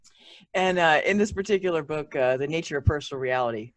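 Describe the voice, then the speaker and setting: A woman hosting a casual interview show, excitable and gushing, laughing often. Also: low voice, fast talker, dry recording. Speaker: talk show host.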